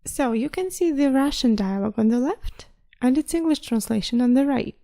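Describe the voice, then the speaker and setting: A woman teaching a language lesson online, patiently pausing so the listener can repeat. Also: high voice, animated, creaky, dark tone.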